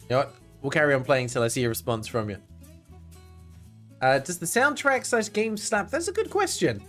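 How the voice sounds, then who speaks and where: Excitable, chatty male game streamer. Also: on the high side, moderate pace, faint music behind. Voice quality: excitable, chatty, jokey, often chats with viewers. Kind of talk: casual game-stream commentary.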